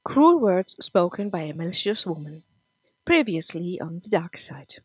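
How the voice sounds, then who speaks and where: A woman narrating a serialized story podcast in a measured, emphatic reading. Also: lowish voice, very animated, a little mellow, slightly rough, no room sound. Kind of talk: scripted audiobook narration.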